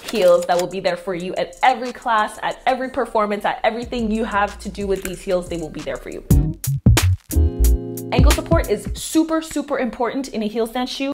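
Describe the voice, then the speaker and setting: A woman heels dance instructor giving a casual tutorial, chatty and playful, talking straight to her viewers. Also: mid-range voice.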